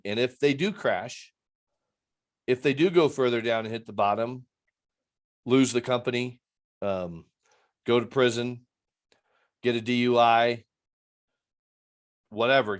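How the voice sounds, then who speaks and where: A man with a mid-range voice talks as a guest on a video call about his intervention work. He rambles earnestly and slips into the voices of the people he quotes. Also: medium pitch.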